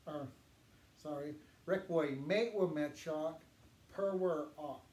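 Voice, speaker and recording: A man teaching a language lesson, patiently saying words slowly for learners to repeat. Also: a little high, a little mellow. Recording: echoey room with faint noise.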